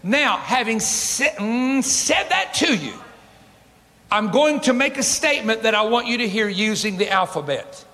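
A male preacher with a high, bright, forceful voice delivers an animated sermon. He laughs through his asides and slows to a crawl for scripture. A long hall reverb trails every phrase.

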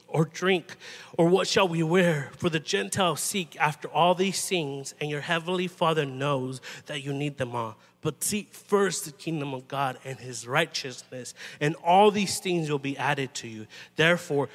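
High, bright-voiced male preacher in a hall. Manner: conversational, halting with restarts and "you know". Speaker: pastor. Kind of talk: sermon.

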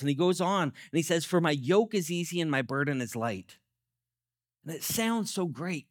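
A male pastor in his thirties delivers a sermon in a relaxed, storytelling way, poking fun at himself. His voice sits somewhat high for a man and moves through a wide, animated pitch range. The sound is dry and close, with little room around it. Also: normal speed, dry recording. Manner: conversational, self-deprecating storytelling.

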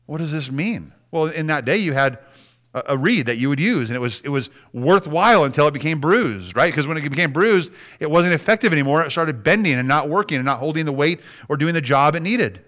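Man preaching with soft, quiet drops. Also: a little high, a little fast. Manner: animated preaching, dropping to soft near-whispers for emphasis. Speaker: pastor. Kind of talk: sermon.

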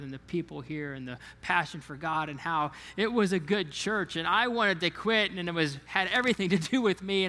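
This pastor's voice sits fairly high and sounds pushed and bright, carrying through a large hall. Preaching in a church sanctuary, he talks conversationally, repeats himself often, and keeps asking the congregation questions.

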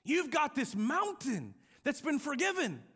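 A man with a strikingly high voice delivers a sermon in a church. He is animated and conversational, and he acts out little quoted exchanges as he preaches. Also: measured pace. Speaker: pastor. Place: church sanctuary with a balcony.

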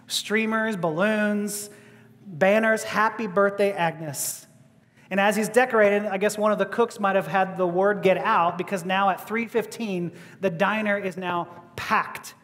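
High-voiced man telling a sermon story. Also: a little slow, big-room sound. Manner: animated, acting out quotes, stammering restarts. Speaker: preacher.

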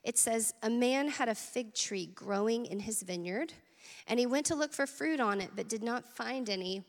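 A woman's voice: on the high side, normal speed, in a large hall. A woman preaching a sermon at church, earnest and conversational, with asides to the congregation. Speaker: teaching pastor.

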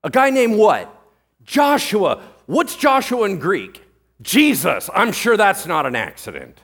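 A male pastor preaching a sermon, telling the story in lively casual slang and often checking in with "right?". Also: high voice, unhurried, vocal fry, slightly rough.

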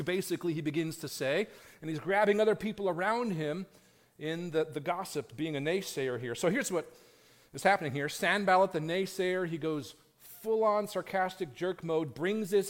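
Pastor guy preaching a sunday sermon, fairly high voice, dry jokes, stacks up repeated phrases. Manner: wry, self-deprecating humor with repeated build-up phrases. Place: church sanctuary.

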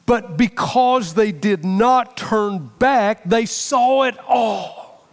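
Middle-aged male pastor, high voice, impassioned sermon delivery, long church reverb. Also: extremely slow. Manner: impassioned, repeats phrases for emphasis.

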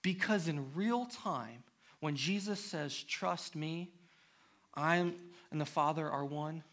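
Bright-voiced male pastor preaching. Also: on the high side, takes it slowly. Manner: reads scripture aloud, then builds to an emphatic, impassioned appeal. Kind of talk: sermon. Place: church.

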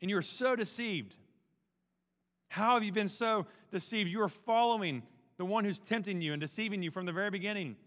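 A man's voice: high-pitched, fast talker, a bit bright. A man preaching a sermon as pastor, emphatic and casual, mixing everyday slang into his preaching. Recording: long reverb of a large hall.

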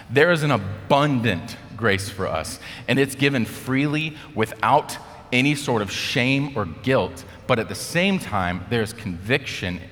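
A man's voice: mid-range voice, fairly bright tone, big-room sound. An American man giving a casual sermon, telling a story in a chatty way with lots of fillers. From United States. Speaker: speaker.

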